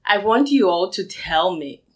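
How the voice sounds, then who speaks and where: A woman leading a casual round-table chat, lively and laughing often. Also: mid-range voice, unhurried, distant mic.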